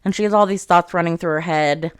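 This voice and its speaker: A woman's voice: lowish voice, fast, clear, resonant tone, no echo, clean studio sound. A woman recapping a fantasy novel in casual chat, swearing freely and quoting the characters as she goes. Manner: chatty, swears freely, quotes characters with 'she's like'. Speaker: book reviewer.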